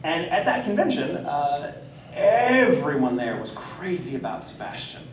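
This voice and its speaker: This voice actor from the United States has a fairly high, unhurried voice, recorded far away in an echoey hall with a slight hiss or hum. Laughing often, he animatedly tells stories to a laughter-filled convention panel.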